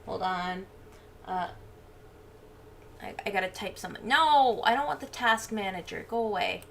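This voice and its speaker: A woman's voice: medium pitch, animated, normal speed, fairly bright tone, slight background noise. A woman streamer chatting casually and playfully with her viewers. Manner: chatty, playful, talks to chat. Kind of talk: casual live-stream chat.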